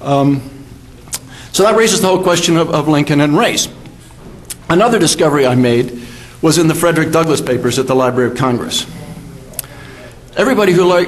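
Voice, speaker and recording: A man's voice: a little high, slight background noise. Older man giving a history lecture. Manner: measured, with fillers and self-corrections. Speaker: history professor giving a talk. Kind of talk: academic lecture. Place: symposium hall.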